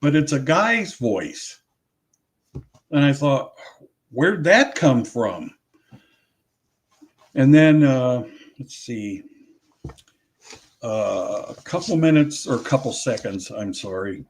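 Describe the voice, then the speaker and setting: Slow-talking man in a rambling interview. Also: mid-range voice, lively intonation. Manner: rambling, restarts and corrects himself. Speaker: audio researcher, interview guest. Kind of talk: casual interview talk.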